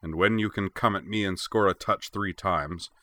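A man's voice: low voice, moderate pace, sharp tone. A man voicing a big, stern older male warlord who growls commands at his young student.

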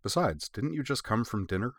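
A man's voice: medium pitch, animated, brisk, no echo, studio quality, voice pushed up. A man voicing a caring, wry middle-aged mother who teases her husband and speaks patiently to her daughter. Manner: teasing, patient.

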